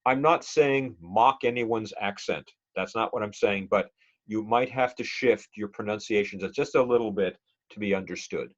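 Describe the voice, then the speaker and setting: A middle-aged man lectures a speech class in an easy, conversational way, pausing on fillers and quizzing his students. His voice sits low, and the classroom recording is muffled and lo-fi. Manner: conversational, many fillers, asks the class questions. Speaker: college speech instructor.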